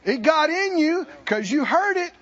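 An older man preaching a conference sermon, animated, acting out voices and drawing responses from the congregation. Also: very high voice, a little slow, a faint crowd. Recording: dull lo-fi live recording.

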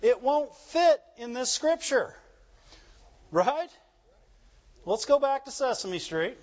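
This sermon comes from a male pastor whose high voice moves at a slow pace in lively call-and-response fashion. Sound quality is slightly dull and lo-fi.

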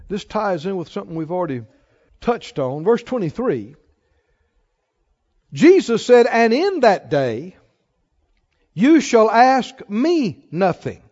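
A man's voice: sits high, darkish tone. A man preaching a sermon to a congregation, leading call-and-response and asking rising questions. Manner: rising, exhorting rhetorical questions. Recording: long hall reverb, dull lo-fi sound.

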